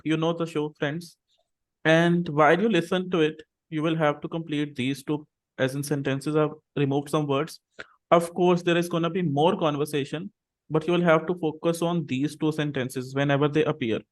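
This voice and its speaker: A man teaching an English class over a video call, patiently saying words slowly and repeating them for students to copy. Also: fairly high pitch.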